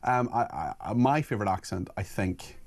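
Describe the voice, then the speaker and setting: A man's voice: lowish voice, lively intonation, moderate pace. A man hosting a talk radio interview, speaking in a conversational, somewhat hesitant way. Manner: conversational, hesitant, with filler restarts.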